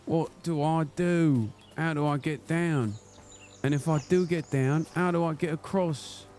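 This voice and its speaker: A man's voice: fairly high pitch, fairly even intonation, a little slow, a little mellow, faint music behind. A man in his thirties streaming a game live, chatting casually in a profane, joking way and slipping into a mock "lad" voice. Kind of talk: casual live-stream chat while gaming.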